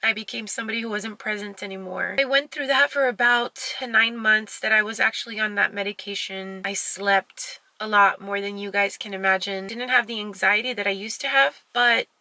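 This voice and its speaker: A woman's voice: medium pitch, steady tone, moderate pace, few pauses, sharp tone, no room sound. A woman vlogging from home, speaking openly and confessionally in a conversational way with lots of fillers. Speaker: fitness vlogger. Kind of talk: candid personal vlog.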